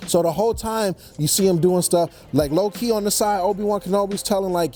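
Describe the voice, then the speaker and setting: A young man telling a movie story as a comedic rant, slangy and animated, slipping into quick character voices. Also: high-pitched, soft background music. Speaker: comedy vlogger.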